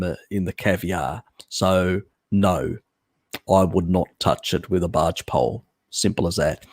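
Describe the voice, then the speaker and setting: A man with a lowish, somewhat dark voice hosts a live stream, fielding viewer questions in an unscripted Q&A. He's blunt and casual, swears, and rambles with lots of fillers and restarts. The recording is dry and studio-quality.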